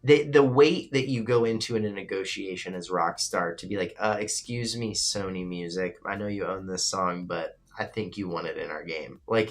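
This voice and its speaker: A man's voice: on the low side, a bit bright. A man hosting a live-streamed show, chatting casually, reading viewer comments and giving loose, opinionated takes with free swearing. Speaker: livestream radio show host.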